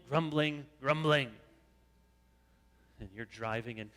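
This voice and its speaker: A man preaches to his congregation with a bright, lively voice that rises and falls freely. He is animated, slipping into high whiny voices to imitate grumblers. The sound carries the long reverb of a church sanctuary. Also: measured pace, long pauses. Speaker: pastor. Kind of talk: sermon.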